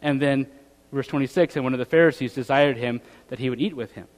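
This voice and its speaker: A man's voice: mid-range voice, fast, big-room sound. A man preaching a sermon in a conversational way, reading scripture aloud and asking rhetorical tag questions. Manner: reads scripture aloud in old-fashioned wording.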